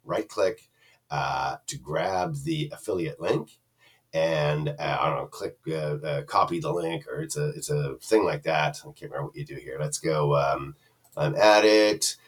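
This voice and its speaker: Chatty deep-voiced man, husky. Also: a little slow, distant mic. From Canada. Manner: rambling, chatty, many fillers and restarts. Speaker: product reviewer. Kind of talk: casual screen-share review.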